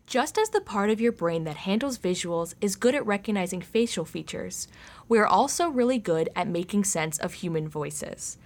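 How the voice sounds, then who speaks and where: A woman co-hosting a science podcast, reading scripted narration in a measured, questioning way. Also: mid-range voice, lively intonation. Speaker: podcast co-host.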